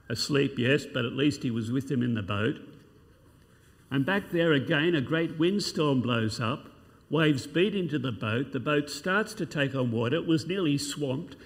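A man's voice: medium pitch, gravelly. A man preaching a sermon, asking rhetorical questions and reading scripture passages aloud. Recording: long hall reverb.

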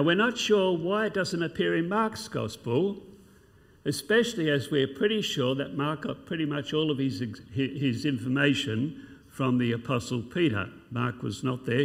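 A man's voice: medium pitch, creaky. A man preaching a sermon, asking rhetorical questions and reading scripture passages aloud. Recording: long hall reverb.

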